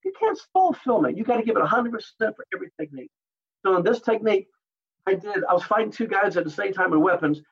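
A man with a high, husky voice tells animated stories from his fighting and film career in an interview, acting out other people's lines along the way. The recording sounds dull and lo-fi. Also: fast talker. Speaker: guest, martial artist and actor. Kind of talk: storytelling interview.

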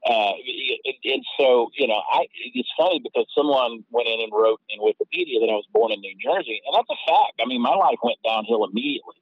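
A man's voice: medium pitch, lively intonation, brisk, few pauses, dry recording, phone-quality sound. A man with a Southern Georgia accent, a guest comedian chatting casually in a rambling, self-deprecating storytelling way. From Georgia, USA. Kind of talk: casual interview chat.

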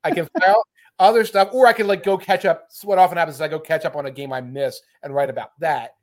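A man appearing as a guest football writer on a casual sports podcast, animated and jokey, slipping into mock voices. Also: a little high, quick pace.

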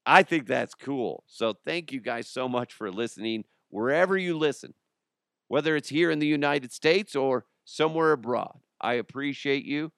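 A man hosting his solo podcast in loose, joking chatter that often pokes fun at himself. His voice is smooth and resonant. It sits close on a dry microphone with no room sound. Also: medium pitch, moderate pace, a bit bright, no echo. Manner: joking, rambling, self-mocking. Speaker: podcast host. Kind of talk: casual solo podcast talk.

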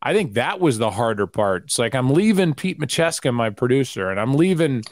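A middle-aged man, a guest sportscaster, talking candidly in a casual podcast chat and telling stories with quick asides. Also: mid-range voice, very animated, no room sound, clean studio sound.

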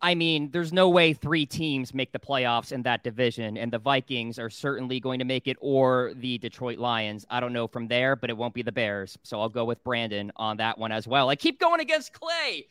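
A man hosting a sports betting talk show, briskly reading out odds and steering the discussion. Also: mid-range voice, animated, fairly bright tone, clear, resonant tone, no echo. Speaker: host.

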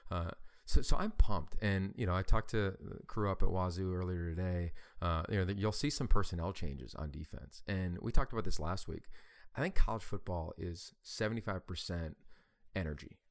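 Deep-voiced man in energetic sports chat. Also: moderate pace. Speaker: college football show co-host, play-by-play announcer. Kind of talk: casual sports talk.

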